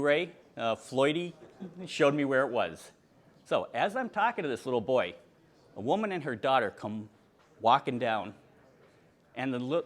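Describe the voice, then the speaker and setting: Animated older man telling a story. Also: mid-range voice. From Pennsylvania, USA. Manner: animated storyteller acting out dialogue. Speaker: insulator collector giving a presentation. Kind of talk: storytelling talk with slides.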